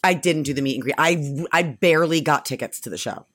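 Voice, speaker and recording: A woman in her forties with a low, brisk, slightly rough voice co-hosts a radio show. She's animated in the casual banter, telling stories full of exclamations.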